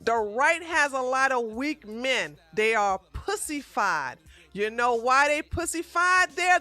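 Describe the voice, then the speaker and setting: A woman's voice: sits high, big pitch swings, slow pace, bright, forceful tone, no echo, faint music behind. A woman hosting a live stream, ranting in a combative, profane way with frequent restarts.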